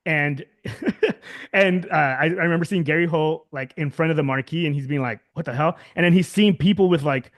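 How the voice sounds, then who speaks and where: A man's voice: on the high side, normal speed. Rambling man in casual interview chat. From Southern California. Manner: rambling, many fillers and restarts, laughs often. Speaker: guest musician.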